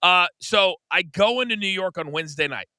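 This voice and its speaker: A middle-aged American man with a very bright, forceful voice, spinning a story for his co-host. He acts out the lines of the people in it and swings between hushed asides and loud bursts. The studio sound is close and dry. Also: high voice, a little fast, dry recording. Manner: animated storyteller, acts out quoted dialogue. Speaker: podcast co-host. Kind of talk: casual storytelling chat.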